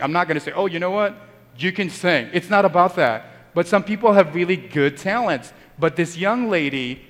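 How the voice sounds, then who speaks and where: A man's voice: fairly high pitch, fairly bright tone, long reverb tail. A man, a Catholic priest, giving a Sunday homily in a conversational storytelling manner, acting out the people in his stories. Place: church.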